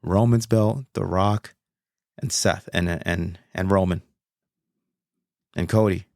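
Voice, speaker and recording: A man hosting a casual solo podcast, talking in an excitable, rambling way and swearing freely. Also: sits low, slow, gravelly, no room sound, studio quality. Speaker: podcast host.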